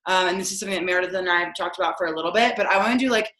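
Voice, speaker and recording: A woman with a sharp, bright voice joins a video call while she works out. She rambles breezily and loads her talk with fillers. The room around her sounds echoey. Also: fairly low pitch, rapid-fire. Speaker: team coach sharing a plan. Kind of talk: casual chat on a video call.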